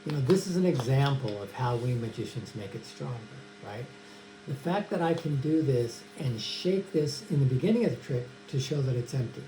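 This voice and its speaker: A man's voice: medium pitch, expressive, moderate pace, warm tone. A man casually teaching a magic trick, chatting and addressing an imagined audience of kids. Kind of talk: casual tutorial demonstration. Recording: echoey room with mains hum.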